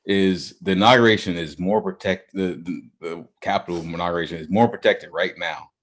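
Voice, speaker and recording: A young man co-hosting a podcast in casual chat, animated and telling stories, often talking over his partner. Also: low voice, a little fast. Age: young adult. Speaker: podcast co-host.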